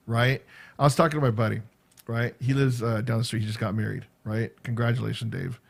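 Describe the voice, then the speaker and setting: A man's voice: medium pitch, fairly even intonation, quick pace, gravelly. Rambling fifty-something man vlogging. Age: 50s. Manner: rambling storyteller, filler-heavy, repeats words. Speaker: vlogger and school teacher. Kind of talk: casual chat.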